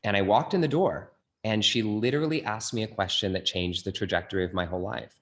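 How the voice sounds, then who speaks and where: A guest singer-songwriter from California's Bay Area earnestly tells his life story in an interview. He talks fast in a fairly low voice, animatedly retelling events and acting out quotes.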